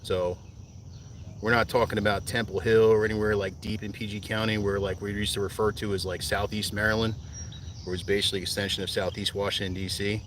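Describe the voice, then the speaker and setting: A man's voice: fairly low pitch, flat delivery, a little fast, a bit bright, far from the mic. Laid-back man streaming from a kayak. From New Jersey. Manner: laid-back, rambling, talks to viewers while fishing. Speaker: fishing streamer. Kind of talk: casual live-stream chat. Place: kayak on a lake outdoors. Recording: outdoor noise, insects.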